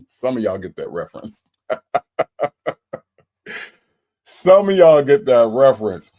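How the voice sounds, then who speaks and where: A man's voice: mid-range voice, big pitch swings, slow, mellow, soft background music. A man hosting a casual livestream, reading out viewer comments and greeting each one in a playful way. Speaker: livestream host.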